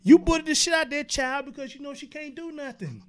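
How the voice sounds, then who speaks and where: A man hosts a casual online commentary show. His voice is very high for a man. He reacts with disbelief and pounds home rhetorical questions in plain, blunt talk. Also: a little fast. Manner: incredulous, laughing through outrage, rhetorical questions. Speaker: show host.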